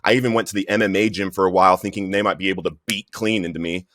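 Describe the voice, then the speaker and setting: Podcast guest, male, low-pitched voice, earnest storyteller, dry close sound. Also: fairly even intonation, rapid-fire, fairly bright tone, dry recording. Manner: earnest storytelling, says "bro" often. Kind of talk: personal recovery story.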